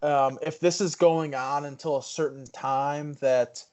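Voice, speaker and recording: A man's voice: a little high, fairly even intonation, unhurried, darkish tone, clear, resonant tone. A man co-hosting a podcast, casually raising a topic in a rambling way with many restarts. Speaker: podcast co-host. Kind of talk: casual chat.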